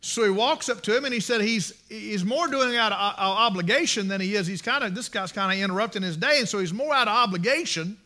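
A man's voice: high-pitched, fast talker, few pauses, bright, forceful tone. A man preaching a sermon, impassioned and emphatic, repeating his phrases for emphasis.

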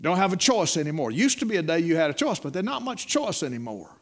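A man's voice: fairly high pitch, very animated, fast. A middle-aged man preaching a sermon in a folksy storytelling way, repeating words and calling listeners "my friend.".

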